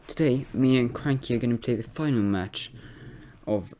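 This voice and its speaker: A man's voice: medium pitch, moderate pace, warm tone. Male amateur game caster, mid-range voice, rambling delivery, faint noise behind. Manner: rambling, with fillers and restarts. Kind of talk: casual intro to a game video.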